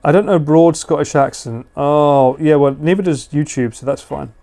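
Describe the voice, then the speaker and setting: A man's voice: fairly high pitch, normal speed, warm tone. A man casually chatting with viewers during a live stream, joking and laughing often. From United Kingdom. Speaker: livestreamer. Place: house.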